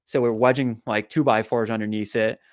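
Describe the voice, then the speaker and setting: A man, a physical therapist and author, telling a long personal story in a podcast interview, animated and often repeating his words. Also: lowish voice, a little fast, dry recording, studio quality.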